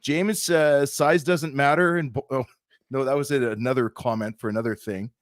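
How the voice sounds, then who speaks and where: A man's voice: mid-range voice, a little fast, dry recording, clean studio sound. A man co-hosting a podcast, chatting in a joking, emphatic way. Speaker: podcast co-host. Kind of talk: casual banter.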